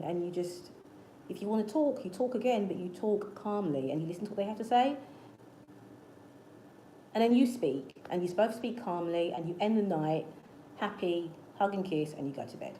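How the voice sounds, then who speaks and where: This manifestation channel host has a lowish, mellow voice and speaks at a moderate pace. Talking to camera, she casually and earnestly coaches her viewers with repetitive encouragement. The recording is from an echoey room, with faint ambience and slight background noise.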